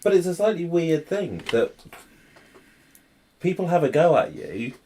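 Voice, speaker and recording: A man chatting casually in a dry, hesitant, low-key way. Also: very animated, a little slow, dark tone, slight background noise. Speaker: co-host of a live building stream. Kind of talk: casual chat.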